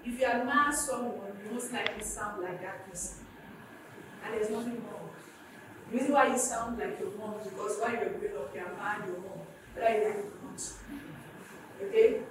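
A woman's voice: medium pitch, a little fast, noisy background. A woman pastor preaching a sermon, calling out questions to her congregation and rising to emphatic peaks. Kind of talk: sermon with call and response. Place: church hall. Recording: echoey church hall from far off.

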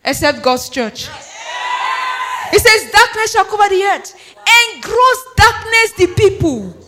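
A man pastor preaching a fervent shouted sermon to a congregation, breaking into speaking in tongues. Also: very high voice, big pitch swings, a little slow, heavy background noise. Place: church before a congregation.

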